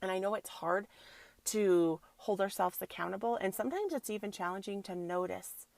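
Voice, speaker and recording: A woman in her thirties talks on her wellness podcast in a loose, chatty way, full of filler likes, speaking straight to her listeners as soul sisters. Her voice has a gravelly fry, and it sits close and dry on the mic. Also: mid-range voice, normal speed, a little mellow, no room sound. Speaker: podcast host, yoga teacher. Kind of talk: spiritual self-help podcast chat.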